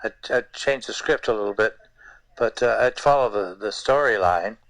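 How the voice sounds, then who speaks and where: An older man, a guest puppeteer, telling stories in an interview in a halting way, repeating words and using many fillers. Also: lowish voice, fairly bright tone, dry recording, rough recording. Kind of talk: anecdotal interview storytelling.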